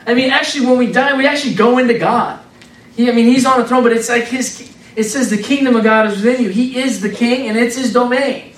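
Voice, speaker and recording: High-voiced man preaching, roomy and distant. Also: fast. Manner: animated, conversational, repeats words for emphasis. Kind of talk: informal sermon. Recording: roomy sound from off the mic.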